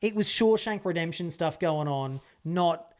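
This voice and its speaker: A man telling a movie story in a casual chat, acting out the lines with lively energy. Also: a little high, a little slow. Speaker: podcast co-host.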